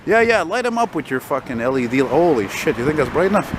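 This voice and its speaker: Man, 40s, walking vlogger, higher-pitched, swears a lot and rambles, street traffic rumbling behind. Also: quick pace. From Quebec, Canada. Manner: rambling, profane, easily excited. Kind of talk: casual walking vlog. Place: city street at night, outdoors. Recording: street traffic noise outdoors.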